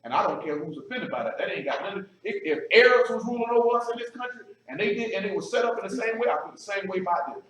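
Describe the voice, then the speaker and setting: A man preaches in a blunt, emphatic, conversational way, his words tumbling out quickly. His voice sits a little high for a man. He is heard from a distance in a very echoey room with faint background noise. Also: lively intonation, fairly bright tone. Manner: frequent "you know what I'm saying". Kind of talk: sermon. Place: assembly room.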